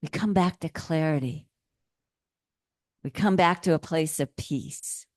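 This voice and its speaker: A woman minister gives a sermon in a gentle, playful way, laughing often. She speaks slowly with a somewhat low voice. The recording is close and dry. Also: dry recording.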